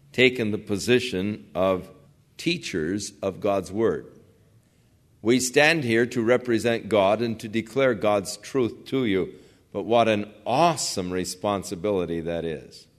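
Low-voiced man preaching a sermon. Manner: conversational preaching, plain storytelling, rising in emphasis. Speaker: pastor.

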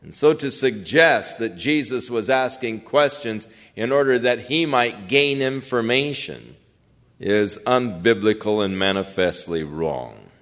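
An older man preaching a sermon in a slow, measured way, acting out the lines he quotes. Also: medium pitch, fairly bright tone. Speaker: pastor. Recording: long reverb of a large hall.

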